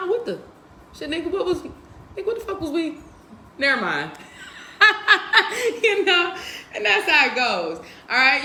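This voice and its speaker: A woman hosting a livestream book reading, talking in a candid, profane, animated way. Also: medium pitch. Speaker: livestream host reading a self-help book. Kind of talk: casual livestream talk. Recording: roomy echo, faint noise.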